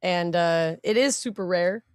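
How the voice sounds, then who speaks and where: A woman co-hosting a podcast, telling stories in a lively, playful way. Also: fairly low pitch, measured pace, smooth, dry recording, clean studio sound. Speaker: podcast co-host and shop worker. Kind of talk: casual chat.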